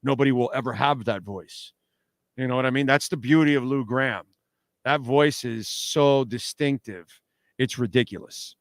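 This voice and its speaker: Medium in pitch and normal in speed, this man hosts casual sports radio from a studio. He gets animated and emphatic, often saying the same words twice. The studio microphone yields studio-quality sound with no room noise.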